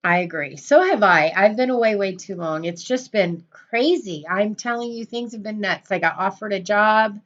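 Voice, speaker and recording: A woman's voice: medium pitch, moderate pace, few pauses, muffled recording. A middle-aged woman hosting a casual livestream, gushing over viewers and often repeating herself. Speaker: channel host on a livestream.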